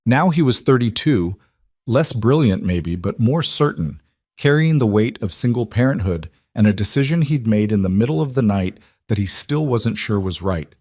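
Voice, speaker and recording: A man giving steady, measured scripted story narration. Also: fairly low pitch, dry recording, studio quality.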